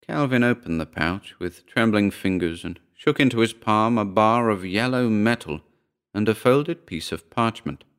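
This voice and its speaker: A man narrates a short story in a steady, measured reading. His voice sits very low and comes across smooth and resonant.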